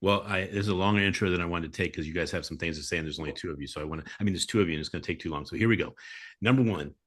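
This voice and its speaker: A man's voice: sits low, racing, fairly bright tone, breathy edge. A man hosting a show on a video call, introducing his guests with enthusiasm. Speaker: host. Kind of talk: casual video call chat.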